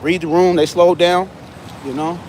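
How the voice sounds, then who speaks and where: An American man hosts a casual livestream, chatting loosely with viewers, joking, using slang, and answering chat comments while tired and yawning. His high-sitting, darkish voice stays fairly even at normal speed. A little hiss or hum is audible.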